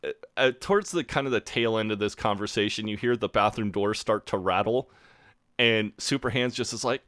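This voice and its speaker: A man's voice: lowish voice, a little fast, fairly bright tone, no room sound, clean studio sound. An American man hosting a podcast in casual chat, retelling scenes animatedly and acting out the quoted lines. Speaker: podcast host.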